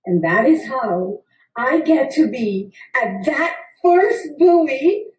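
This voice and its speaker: Animated woman telling a personal story. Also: high voice, very slow. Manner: animated, playful, acts out the people in her story. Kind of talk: personal story told to an audience. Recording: roomy sound from a distant mic.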